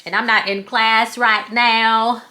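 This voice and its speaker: Her voice is on the high side and sharp, with a level tone, and she takes things slowly. This Southern-accented craft tutorial host, from the American South, guides viewers through sewing in a relaxed, homespun way, poking fun at herself as she goes.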